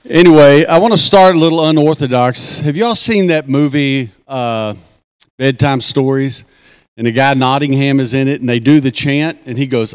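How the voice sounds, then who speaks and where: A man with a clean, mid-range voice gives a folksy, joking speech at a conference in a conference hall. He leads the crowd in chants.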